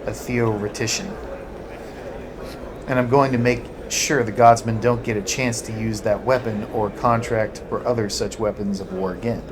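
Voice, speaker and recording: A man's voice: on the low side, steady tone, normal speed, lightly acted. A man reading the part of a severe, nervous woman engineer who answers curtly and guardedly, over a noisy home recording. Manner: curt, guarded.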